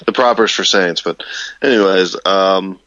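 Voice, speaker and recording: A male podcast co-host with a lowish voice, rambling through stories in casual chat. He laughs easily, and the sound is dry and close, with no room echo. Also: a little slow, bright, forceful tone, muffled recording. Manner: rambling storytelling, many fillers and laughs.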